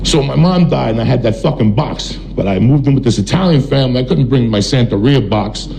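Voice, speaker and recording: Gravelly-voiced man telling a profane stand-up story. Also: mid-range voice, lively intonation, dark tone, slight background noise, low-quality recording. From New Jersey. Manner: profane, blunt, fast bursts with audience laughter. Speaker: stand-up comedian. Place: comedy stage before a live audience.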